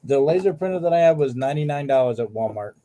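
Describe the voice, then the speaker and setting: A man's voice: on the high side, lively intonation, fast talker, mellow. A man hosting a live card-sale stream, chatting casually and listing cards as he shows them.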